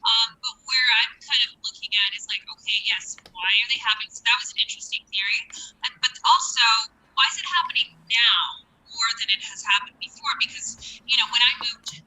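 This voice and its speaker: A woman's voice: on the high side, fairly quick, bright, forceful tone. A woman calling in to a casual discussion, asking curious questions over a lo-fi call line. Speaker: guest caller.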